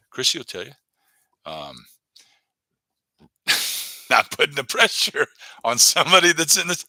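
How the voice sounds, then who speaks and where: A man hosts a live stream from a desk webcam setup, rambling, joking casually, and addressing viewers in the chat by name. His medium-pitched voice sounds pushed and bright, with no room sound.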